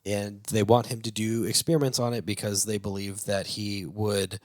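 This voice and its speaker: A low-voiced man retells a movie plot casually, tripping over his words with plenty of fillers. He laughs every so often, and his voice sounds close and dry, with no room echo. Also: level tone, moderate pace, a little mellow. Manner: rambling, with many fillers and restarts; laughs while talking. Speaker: movie review show host.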